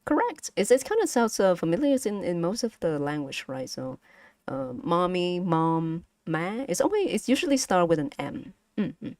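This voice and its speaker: A woman's voice: fairly low pitch, big pitch swings, moderate pace, a little mellow, no room sound, clean studio sound. Giggly Vietnamese-accented woman teaching tones. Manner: playful, giggly, drills tones aloud. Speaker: vtuber language streamer. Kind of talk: casual language lesson to stream chat.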